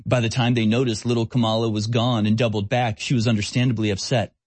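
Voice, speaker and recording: A male talk radio host delivers an opinionated monologue, his scorn ranging from quick asides to slow, drawn-out sneers. His middle-pitched voice is level and a little mellow, recorded close and dry without room echo.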